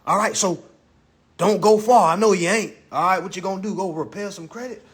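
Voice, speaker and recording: A man's voice: high-pitched, a little fast. A man hosting a livestream on his phone, lecturing in a profane, mocking way and repeating himself. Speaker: livestream host. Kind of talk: casual livestream rant.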